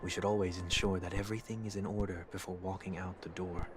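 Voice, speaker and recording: An actor voicing a formal, proud young man seeking atonement, speaking in a measured, orderly way, with music behind. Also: low-pitched, little pitch movement, noisy background, lightly acted. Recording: game audio with loud music behind.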